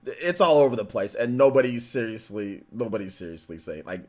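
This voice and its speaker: A young man chatting casually on a live stream, animated and quick to laugh, often repeating himself as he reads chat. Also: on the low side. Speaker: streamer reacting and reading chat.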